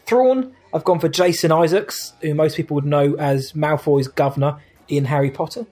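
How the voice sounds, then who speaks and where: A man's voice: fairly high pitch, moderate pace, a little mellow. Man, co-hosting a laid-back podcast. He talks easily, laughing along and putting questions to his co-host. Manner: easygoing, laughs along, reads listener questions. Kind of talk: casual chat.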